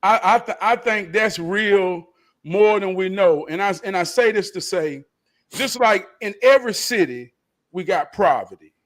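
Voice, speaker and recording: Man, high-pitched voice, talk-show host, passionate, preachy, cussing. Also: expressive, measured pace, a bit bright. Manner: impassioned, preacherly, profane. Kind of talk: casual talk-show conversation.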